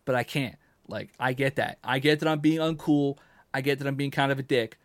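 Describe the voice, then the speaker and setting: A man's voice: mid-range voice, brisk, no room sound, studio quality. A man talking bluntly, swearing and repeating himself, as co-host of a casual podcast. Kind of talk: casual chat.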